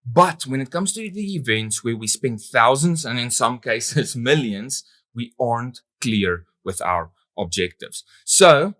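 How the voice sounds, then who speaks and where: A man giving a keynote on stage, animated and emphatic, with playful asides to the audience. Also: no room sound. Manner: animated, emphatic, with sudden jumps in pitch and loudness. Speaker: event industry speaker.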